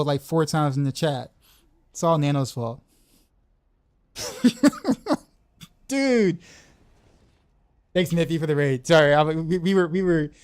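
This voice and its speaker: A man streaming a game, chatting casually with viewers in an excitable, rambling way, often tripping over his words and restarting sentences. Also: a little high, clear, resonant tone, dry recording. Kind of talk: casual livestream chat.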